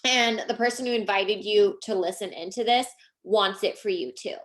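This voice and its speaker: A woman's voice: medium pitch, moderate pace, a bit bright. Heartfelt woman on the verge of tears. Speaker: network marketing seller. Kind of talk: motivational group call.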